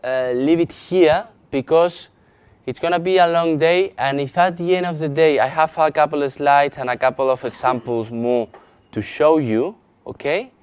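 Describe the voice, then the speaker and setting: A man with a Spanish accent leads a hands-on software lesson at an unhurried pace, pausing and restarting as he clicks through each step. His voice is smooth and clear, recorded dry and close with little room sound. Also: fairly high pitch, no room sound. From Spain. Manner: halting, many restarts and fillers while demonstrating on screen. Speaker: GIS instructor. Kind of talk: live software training lesson.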